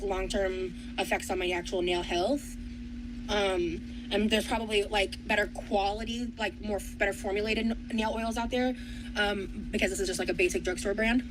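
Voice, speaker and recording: A woman vlogger chatting casually to viewers while unboxing gifts, blunt and quick to swear. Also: mid-range voice, steady tone, background noise.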